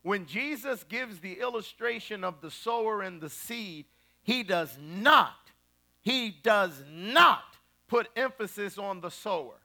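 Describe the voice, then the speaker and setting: A man preaching a sermon in a colloquial, emphatic style, rising to loud repeated lines. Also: high voice, animated, slow. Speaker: pastor.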